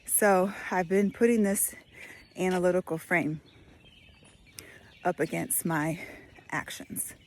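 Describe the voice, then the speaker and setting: A slightly breathless woman with a lilt talks through her thoughts as she walks outdoors. Her voice sits on the lower side and she pauses often to think. Faint birdsong and outdoor ambience sit behind her. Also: a little hiss or hum. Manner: thoughtful, musing, many fillers. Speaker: vlogger. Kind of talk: casual spoken reflection while walking. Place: outdoors on a walk.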